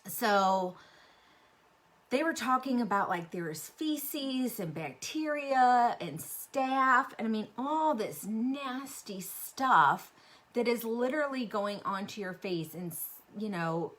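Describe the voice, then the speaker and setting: Woman vlogger, casual chat, animated, lots of ums, middle-aged. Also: medium pitch, slow pace. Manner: chatty and animated, with many fillers. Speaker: beauty vlogger and sales rep.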